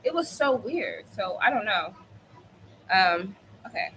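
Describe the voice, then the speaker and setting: A woman's voice: mid-range voice, very animated, slow, a bit bright, a little hiss or hum, rough recording. A woman in her thirties telling a casual storytime while cooking at home, chatty and full of "like" fillers. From United States. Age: 30s. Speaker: vlogger.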